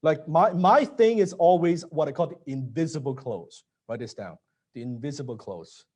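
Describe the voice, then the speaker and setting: Man, sales coach, blunt, profane, slightly high pitch, quiet emphasis. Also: expressive, normal speed, slightly rough. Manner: blunt, swears, drops to a low emphatic voice. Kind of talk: live training session.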